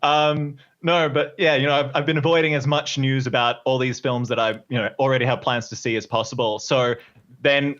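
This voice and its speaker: A man's voice: medium pitch, steady tone, fairly quick, fairly bright tone, highs cut off. Hesitant Australian man on a podcast. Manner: hesitant, laughs easily. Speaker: guest. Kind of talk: casual podcast chat.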